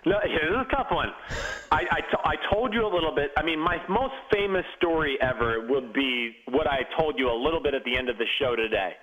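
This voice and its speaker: An animated man spinning locker-room stories, often restarting his sentences as he builds them up. His voice sits a little high for a man. The recording is dull and lo-fi. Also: a little fast. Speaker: guest, former pro football player. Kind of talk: storytelling in casual chat.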